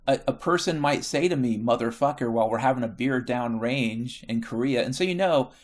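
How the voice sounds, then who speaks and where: A man's voice: mid-range voice, fairly quick. A middle-aged American man telling stories in a casual monologue, profane and rambling, often correcting himself. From United States.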